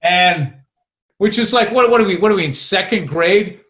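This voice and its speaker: Comedian guy swearing his way through a story, slightly high voice, roomy echo. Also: normal speed. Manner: profane, animated storytelling. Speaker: podcast co-host and comedian. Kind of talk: casual storytelling chat.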